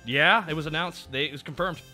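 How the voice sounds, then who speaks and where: A man hosting a casual stream chat, talking excitably and swearing freely. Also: on the high side, brisk, faint music behind. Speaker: streamer host.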